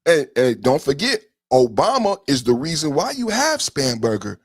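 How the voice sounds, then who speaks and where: A man hosts a profane political livestream in a raised, husky voice. His pitch leaps all over as he mocks, shouts and sing-songs his taunts, and the sound is dry and close. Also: huge pitch swings, normal speed, no room sound. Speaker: podcast host.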